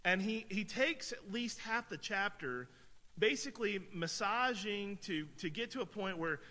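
A man's voice: sits high, expressive, unhurried, pushed and bright. A man preaching a sermon from the pulpit in a conversational, emphatic way, often repeating words as he builds a point. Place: church sanctuary. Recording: long church-hall reverb.

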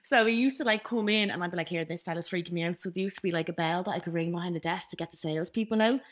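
Young woman, podcast co-host, chatty storyteller who mimics voices. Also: rapid-fire. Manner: animated, acts out quoted voices with big pitch jumps. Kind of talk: casual storytelling chat.

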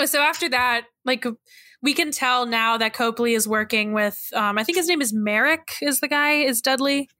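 Bright-voiced woman chatting animatedly. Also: fairly high pitch, normal speed, no room sound, studio quality. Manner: animated, laughs often, swears casually. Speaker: podcast co-host. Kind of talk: casual movie discussion.

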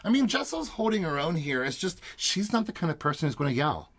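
A man co-hosting a podcast, chatting casually and recapping a reality TV episode, animated and laughing often. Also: fairly high pitch, a little fast, husky. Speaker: podcast co-host.

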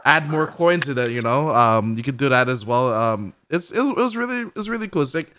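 A man's voice: mid-range voice, a little fast, noisy background. A man co-hosting a casual gaming podcast, rambling through an event recap with lots of "like" fillers and acted-out reactions. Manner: rambling, heavy use of "like" fillers; excitable storytelling, acts out characters' reactions. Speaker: podcast co-host. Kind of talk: casual chat.

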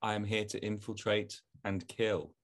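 A man's voice: on the low side, level tone, normal speed, a crowd in the background. A man with a Cockney accent co-hosting a podcast in casual comedic chat, mock-polite and laughing a lot. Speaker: podcast co-host.

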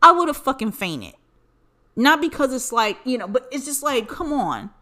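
A woman's voice: sits high, very animated, normal speed, bright, forceful tone. An American woman hosting a podcast, ranting in casual, profanity-filled commentary. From United States. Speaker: podcast host.

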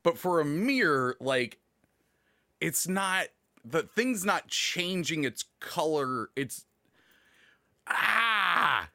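A man with a bright, forceful voice leads a loose podcast conversation, his pitch bouncing all over as he rambles and laughs. The sound is close and dry, with no room around it. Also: big pitch swings, very slow, gravelly, pauses often, dry recording. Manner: laughs often, rambling, trailing off. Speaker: podcast host. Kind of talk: casual group chat.

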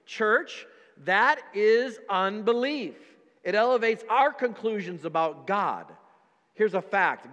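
A man's voice: high-pitched, expressive, a little slow, sharp tone, long reverb tail. A man, a pastor, preaching a dynamic sermon and calling out to his congregation as church.

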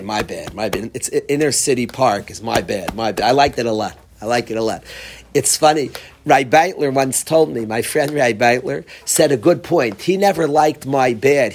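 A man's voice: medium pitch, a little mellow. A man teaching an informal Torah class, repeating key phrases and mixing Hebrew terms with casual asides. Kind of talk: informal Torah lecture with stories.

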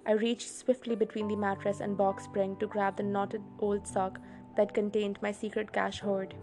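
A woman hosting a read-along show, reading a novel aloud with expressive storytelling. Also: mid-range voice, moderate pace, music in the background. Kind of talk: audiobook reading.

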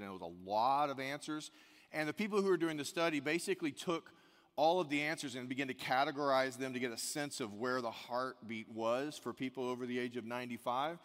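A male pastor delivers a sermon at a church service, speaking in an earnest tone at a middle pitch. He drives his points home by repeating key phrases. The recording carries a long, lingering hall reverb. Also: fairly bright tone.

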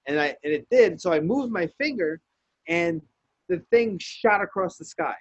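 A man's voice: high-pitched, moderate pace, dry recording, muffled recording. A man telling a story in casual podcast chat, swearing freely and acting out the lines he quotes. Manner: profane, animated storyteller who acts out quotes.

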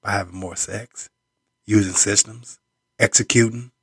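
A man hosting a motivational podcast, speaking in punchy, repeated slogans with preacher-like emphasis, swinging between loud bursts and low asides. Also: steady tone, measured pace, breathy edge. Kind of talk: motivational monologue.

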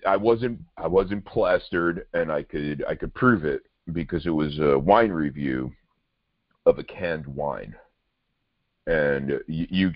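A man co-hosting a casual chat, rambling and halting with lots of restarts. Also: very deep voice, no room sound, muffled recording. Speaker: podcast co-host and wine reviewer.

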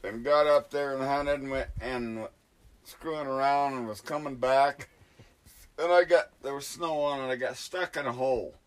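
A man's voice: mid-range voice, moderate pace, clear, resonant tone. Older man telling rambling hunting yarns. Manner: rambling, profane and laughing. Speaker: storyteller among hunters. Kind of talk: casual storytelling.

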